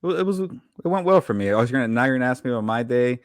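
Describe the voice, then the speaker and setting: A man co-hosting a podcast and working as a sports reporter, teasing his co-host in quick banter. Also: mid-range voice, expressive, dry recording, clean studio sound. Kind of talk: casual chat.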